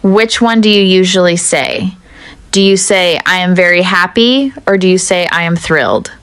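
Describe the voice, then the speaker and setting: A woman teaching an English lesson in a measured, deliberate way, speaking straight to the viewer. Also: fairly low pitch, a bit bright, clear, resonant tone, no echo, faint music behind. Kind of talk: scripted teaching narration.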